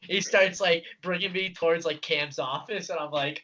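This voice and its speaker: A young man co-hosting a casual podcast, laughing and animated while telling work stories. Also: a little high, moderate pace. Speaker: podcast co-host. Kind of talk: casual storytelling chat. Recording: dull lo-fi podcast audio.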